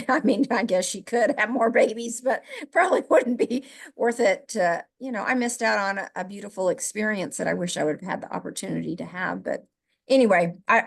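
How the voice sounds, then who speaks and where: A woman's voice: medium pitch, gravelly. Middle-aged woman, podcast co-host, from the Midwest, emotional, laughs while talking. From American Midwest. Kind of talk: casual podcast conversation.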